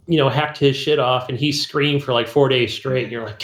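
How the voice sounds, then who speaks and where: A man's voice: mid-range voice, steady tone, moderate pace, a bit bright, roomy sound. A man co-hosting a podcast, telling a rambling, laughing story about a video game and acting out its dialogue. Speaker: podcast co-host. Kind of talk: casual gaming chat.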